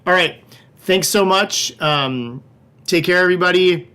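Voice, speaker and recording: A man's voice: sits high, unhurried, sharp tone, clear, resonant tone. A middle-aged man hosting a livestreamed wine tasting class. He talks in a casual, joking, loose way and swears now and then. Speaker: wine shop host.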